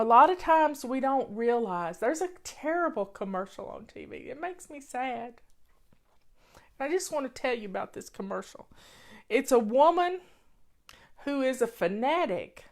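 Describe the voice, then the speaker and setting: A woman with a slightly high voice speaks slowly and earnestly to her viewers from home. She chats casually over a cup of tea and drives home her points by repeating them. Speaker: vlogger. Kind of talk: casual talk to camera.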